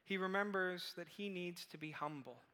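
Animated high-voiced preacher in a big hall. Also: male voice, moderate pace. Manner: animated storytelling, acting out quoted voices. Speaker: pastor. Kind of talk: sermon.

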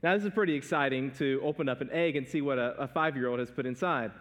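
A man's voice: medium pitch, quick pace. A man in his thirties preaching a sermon, telling family stories in a conversational way with laughs. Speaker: pastor. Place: church sanctuary stage. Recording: long reverb of a church hall.

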